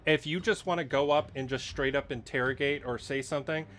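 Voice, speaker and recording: A man's voice: on the high side, a little fast, fairly bright tone, soft background music. A man running a tabletop game as dungeon master, patiently explaining the rules with lots of fillers.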